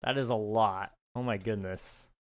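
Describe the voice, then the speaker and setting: A young man live-streaming a game, chatting casually with viewers, relaxed and thinking aloud with fillers and small laughs. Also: on the low side, measured pace. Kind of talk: casual live-stream chat while gaming.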